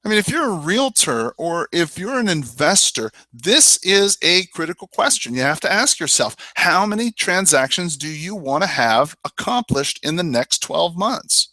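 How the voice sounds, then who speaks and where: Animated, bright-voiced male sales trainer. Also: fairly high pitch, normal speed, few pauses, no echo. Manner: emphatic, persuasive, repeats "I mean" and "you know"; addresses listener directly with rhetorical questions. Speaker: real estate sales trainer. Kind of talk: webinar sales coaching.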